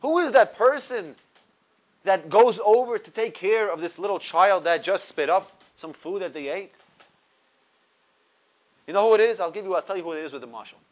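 High-voiced man teaching Torah. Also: expressive, normal speed, long pauses, highs cut off. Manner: storytelling with rising emphasis; laughs at his own stories. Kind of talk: explaining a religious text to a class.

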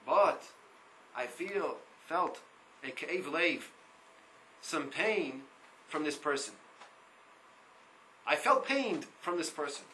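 A man giving a Torah class, reading Hebrew lines aloud and translating them, in an animated way that repeats words. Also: fairly high pitch, slow pace, long pauses, slight background noise, rough recording. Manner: reads Hebrew text and translates line by line. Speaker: Torah teacher.

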